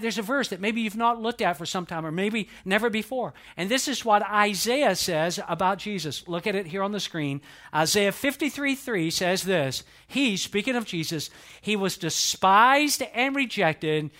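A man preaching a sermon, earnest and emphatic, drawing the congregation into call-and-response and growing quiet as he grieves. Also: high voice. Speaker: pastor.

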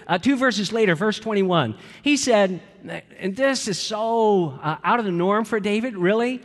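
A man's voice: sits high, measured pace, in a large hall. A man preaching a sermon as a pastor, emphatic, acting out quoted prayers with growing intensity.

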